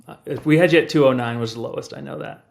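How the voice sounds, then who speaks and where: A man's voice: mid-range voice, rapid-fire, gravelly. A man who works as a personal trainer, chatting casually in an easygoing, agreeable way. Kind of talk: casual chat.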